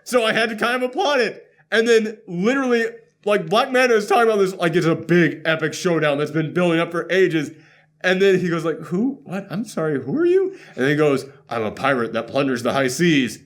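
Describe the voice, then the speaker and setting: A man hosting a casual movie reaction chat, sarcastic and laughing often as he acts out scenes in quick voices. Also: fairly high pitch. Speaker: podcast host.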